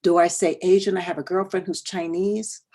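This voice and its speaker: A middle-aged woman from the United States giving an educational workshop talk, moving between hushed earnest asides and loud emphatic bursts and repeating phrases for emphasis. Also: on the low side, fairly even intonation, normal speed. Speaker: workshop presenter.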